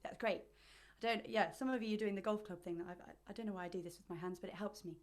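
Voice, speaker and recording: A woman leading a choir's vocal warm-up over a video call, explaining with playful images and chatty asides. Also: medium pitch, fairly even intonation, fast talker. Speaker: vocal coach.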